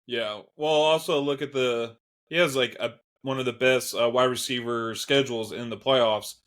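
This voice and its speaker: A man's voice: medium pitch, fairly even intonation, moderate pace, fairly bright tone. A man co-hosting a casual fantasy football podcast, laid-back and laughing, often agreeing with his partner. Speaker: podcast co-host.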